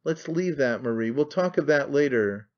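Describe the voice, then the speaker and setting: A man's voice: medium pitch, lively intonation, normal speed, lightly acted. A man reading aloud who voices an anxious, devoted young man, flustered and pleading, in a dull lo-fi recording. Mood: pleading, alarmed.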